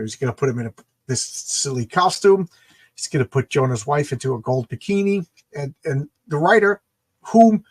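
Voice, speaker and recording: A man's voice: fairly high pitch, husky. A man hosting a casual comic book show, enthusiastically reading and rambling over old panels. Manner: enthusiastic, rambling, laughs and restarts often.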